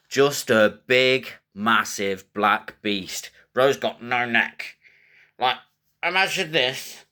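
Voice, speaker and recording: A man hosting fight predictions in casual, animated commentary, joking and swearing. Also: mid-range voice. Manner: animated, joking, crude trash talk.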